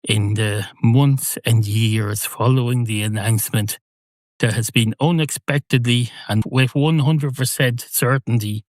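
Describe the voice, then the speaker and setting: Rambling man, deadpan comic. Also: medium pitch, no room sound. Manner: rambling, deadpan, self-correcting. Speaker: comedy podcast host. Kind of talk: stream-of-consciousness comic monologue.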